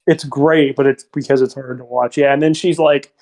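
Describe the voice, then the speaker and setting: A man talking about films on a podcast, animated, with many fillers, often acting out lines. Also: medium pitch, moderate pace, creaky. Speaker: podcast co-host or guest. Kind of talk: casual film discussion.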